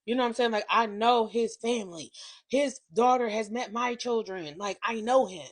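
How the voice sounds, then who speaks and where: A woman in her thirties telling a confession story on her vlog, animated and profane, swinging between hushed and loud. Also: on the high side, normal speed. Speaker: vlogger.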